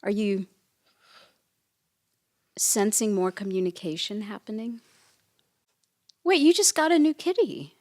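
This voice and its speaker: A woman's voice: medium pitch, big pitch swings, a little slow, pauses often. A woman co-hosting a casual podcast, playful and full of curious questions. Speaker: podcast co-host and medium. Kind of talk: casual chat.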